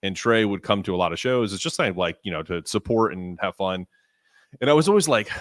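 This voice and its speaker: A man co-hosting a podcast, telling an animated story with lots of restarts. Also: fairly low pitch, fast talker, dry recording, studio quality. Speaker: podcast co-host. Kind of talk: casual chat.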